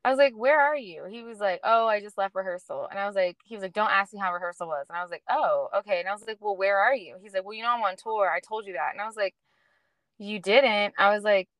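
A woman's voice: mid-range voice, fast, dry recording. A woman co-hosting a casual podcast, animatedly retelling conversations and acting out both sides, with lots of "like". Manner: animated storyteller who acts out both sides of conversations, heavy use of "like". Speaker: podcast co-host. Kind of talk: casual chat, storytelling.

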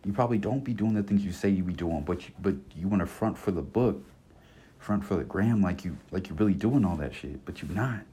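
This solo podcast rant comes from a twenty-something host who is blunt and fired up, heavy on slang and profanity and prone to repeating himself. His voice is deep, mellow and husky, and he speaks a little fast.

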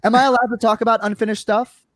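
A man's voice: very high-pitched, flat delivery, quick pace, dry recording. A young man in a band, chatting casually and rambling with filler words and casual swearing. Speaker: band member. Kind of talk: casual group chat.

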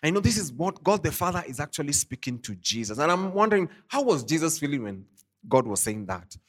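Guy preaching online, lively voice that swings up and down, slightly high, chatty "you know" style. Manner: conversational, repeats "you know" and "I mean"; reads scripture aloud slowly. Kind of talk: online sermon, Bible teaching.

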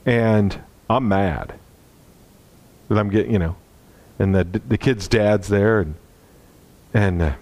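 A man preaching a sermon, telling a personal story in an earnest way and dropping low and soft at tender moments. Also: slow, pauses often.

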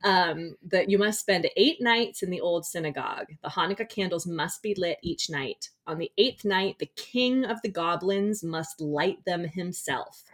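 A woman's voice: on the low side, unhurried, hardly any pauses. A woman with a young son, hosting a casual chat about a picture book, enthusiastic and rambling, with many fillers and restarts. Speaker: podcast host reviewing a picture book.

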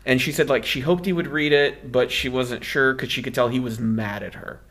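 A man's voice: mid-range voice, fairly even intonation, normal speed, fairly bright tone. A man co-hosting a film podcast, chatting casually and explaining film history at length. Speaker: podcast co-host.

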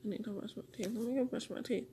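A woman's voice: a little high, steady tone, rapid-fire, mellow, a little hiss or hum. A woman podcasting alone, rambling and swearing as she questions and answers herself. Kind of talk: rambling solo monologue talking to herself.

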